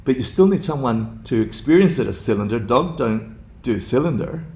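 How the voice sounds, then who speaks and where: Gravelly, playful man teaching a class. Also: medium pitch, expressive, normal speed, a little mellow. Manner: playful, laughs often, asks the class questions. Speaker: dharma teacher. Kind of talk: dharma class talk. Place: class room with students.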